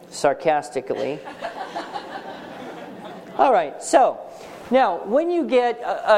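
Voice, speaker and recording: A man's voice: sits high, darkish tone. A man leads a writing workshop for home-schooling parents before a live audience in a seminar room. He talks in an emphatic, joking way and keeps quizzing the crowd for answers. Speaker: writing teacher.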